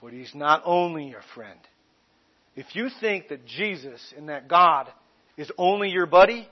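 Male pastor, emphatic sermon delivery with slow stressed phrases, high voice, slightly muffled sound. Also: animated.

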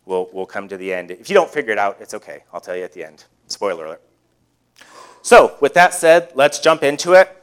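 A pastor preaching a sermon in a conversational way, often putting rhetorical questions to the congregation. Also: male voice, lowish voice, sing-song, a little fast.

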